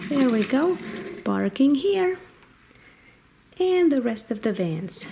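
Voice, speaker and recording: Slow, high-voiced woman narrating toy play. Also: animated, a little mellow, a little hiss or hum. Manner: playful, sing-song, makes car and animal noises.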